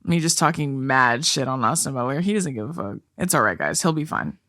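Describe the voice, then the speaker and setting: A young woman co-hosting a podcast, gossiping in an animated way and swearing freely. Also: extremely low pitch, brisk, no echo, clean studio sound. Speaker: podcast co-host. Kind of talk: casual chat.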